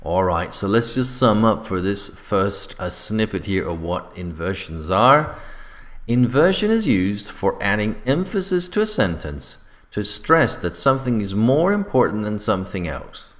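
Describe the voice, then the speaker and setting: A man teaching an English grammar lesson in a clear, deliberate way, slowing down to read out example sentences. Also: fairly low pitch, sing-song, fairly bright tone.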